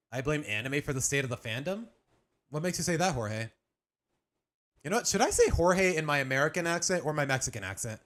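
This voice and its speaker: A man's voice: fairly high pitch, very animated, normal speed, pauses often, fairly bright tone. A young adult man chatting casually on a live stream as he reacts to a video, rambling with restarts and slang.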